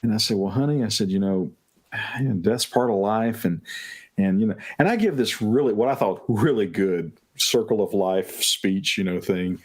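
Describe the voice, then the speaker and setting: Man, low voice, casual guest, rambling anecdotes. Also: moderate pace, breathy edge. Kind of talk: casual chat.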